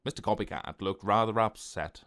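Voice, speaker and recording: A man narrating a children's animated short in a gentle, expressive storytelling voice. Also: on the low side, moderate pace.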